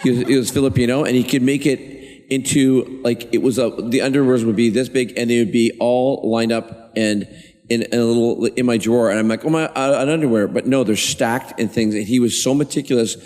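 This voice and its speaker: A man on a convention panel telling an animated, rambling anecdote with many restarts. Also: mid-range voice, fairly quick. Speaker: panel guest. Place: large convention hall. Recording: echoey convention hall.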